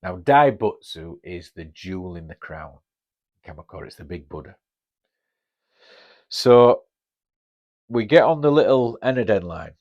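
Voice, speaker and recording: A man's voice: sits low, lively intonation, unhurried, pauses often, a little mellow, dull audio. A man in his fifties with a Northern English accent, telling a casual story on his podcast in a chatty, blunt way and swearing freely. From Northern England. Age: 50s. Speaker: podcast host.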